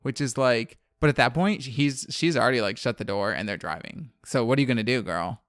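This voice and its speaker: A man's voice: mid-range voice, brisk, fairly bright tone, no echo. A man from New Orleans co-hosting a podcast, recapping a horror film in casual, profane chat and laughing often. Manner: chatty, profane, laughs often, many fillers.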